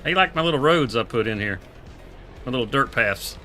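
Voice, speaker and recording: A man's voice: medium pitch, animated, brisk, bright, forceful tone, faint music behind. A man, streaming a farming game and chatting casually with laughs and country phrasing. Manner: laid-back, laughing, drawling country talk. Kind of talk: casual live gameplay chat.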